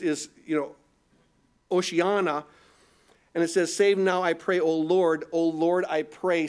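High-voiced preacher man asking questions. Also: a little mellow. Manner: asks rhetorical questions, repeats words; reads scripture aloud and explains. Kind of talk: expository sermon.

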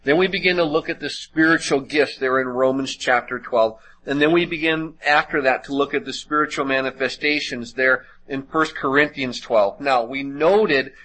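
A man's voice: mid-range voice, moderate pace, few pauses, sharp tone, poor audio. A man preacher teaching a sermon in a methodical way and reading scripture aloud.

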